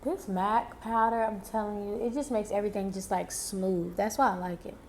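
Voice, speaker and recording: A woman's voice: mid-range voice, fairly even intonation, a little mellow, slight background noise. A young woman talking viewers through her makeup routine in a casual, chatty way, often addressing them directly and talking to herself. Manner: chatty, talks to viewers and herself, drawn-out exclamations. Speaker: beauty vlogger.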